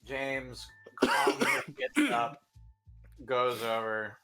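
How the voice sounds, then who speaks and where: A man playing a tabletop horror game, calmly narrating his character and speaking in character. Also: mid-range voice, very slow, over loud music.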